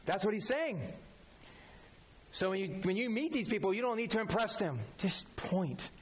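A man's voice: high voice, expressive, moderate pace. A man preaching a sermon as a pastor, talking directly and conversationally, repeating his key phrases.

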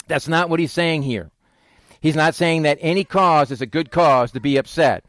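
A man preaching a sermon as a pastor, talking to the congregation in a conversational way, raising his voice for emphasis and dropping low for asides. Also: normal speed, fairly bright tone, no echo.

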